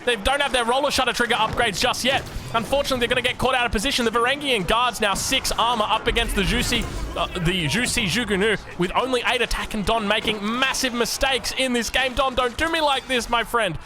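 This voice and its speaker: An excitable Australian man commentating a strategy game, chatty and jokey, sometimes breaking into shouts. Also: extremely high pitch, quick pace, music in the background. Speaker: game caster.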